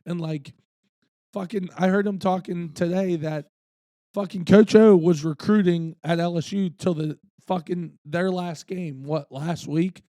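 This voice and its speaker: Young male co-host, mellow slightly high voice, relaxed, dry room. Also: unhurried, dry recording. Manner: laid-back, swears, laughs often. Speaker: podcast co-host. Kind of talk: casual sports chat.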